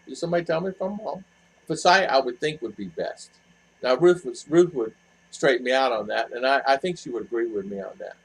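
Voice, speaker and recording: A man's voice: mid-range voice, animated, a little fast, vocal fry, slightly rough, poor audio. A man hosting a casual live chat with viewers, rambling with lots of fillers and restarts. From expat living in the Philippines. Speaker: vlog host answering viewer chat.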